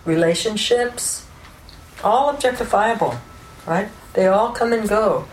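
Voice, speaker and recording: A woman giving an unscripted spiritual teaching, explaining ideas calmly and often checking in with "right?" and "you know". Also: mid-range voice, a little slow. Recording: roomy echo with faint background noise.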